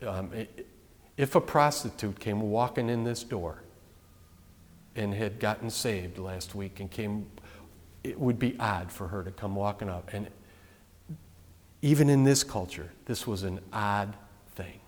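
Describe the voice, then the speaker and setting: A man with a lowish voice preaches a sermon conversationally, speaking a little slowly and pausing often. He restarts sentences, goes off on asides, and puts questions to the congregation, all under the long reverb of a large hall.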